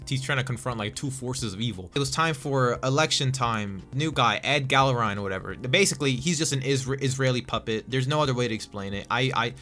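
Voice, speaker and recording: A young male vlogger rants about politics in a loose, profane way, stammering and restarting as he goes. His voice is bright and forceful, and faint music plays underneath. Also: medium pitch, fairly quick, few pauses. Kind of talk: casual political rant.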